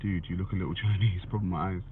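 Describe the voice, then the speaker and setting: Speaking at a quick pace, a man with a low voice and fairly even intonation gives blunt, casual opinions, swearing and responding to viewer comments. He keeps saying "you know what I'm saying." The sound is dry and tinny like a phone, with a noisy background.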